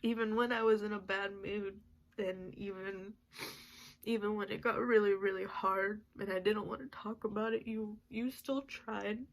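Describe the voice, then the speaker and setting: A young woman recording a halting birthday message to her grandmother, crying as she talks, with many pauses and restarts. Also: mid-range voice, fairly even intonation, rough recording.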